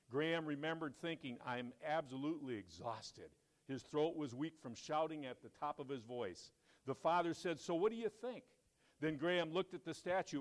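A man preaching in church, telling a story with animated quoted lines and quieter reflective asides. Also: medium pitch. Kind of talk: sermon storytelling.

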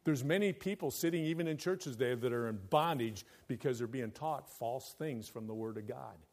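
A man preaches as a pastor in a mid-range voice at normal speed. His delivery is emphatic, shifting from loud pronouncements to hushed, intimate side remarks.

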